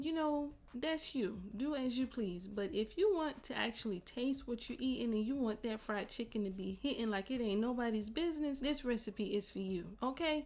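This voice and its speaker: Sassy, chatty woman host, fairly high voice. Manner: sassy, chatty, sprinkles "baby", "child" and "y'all"; playful, teasing asides. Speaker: cooking channel host. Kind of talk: casual cooking tutorial voice-over.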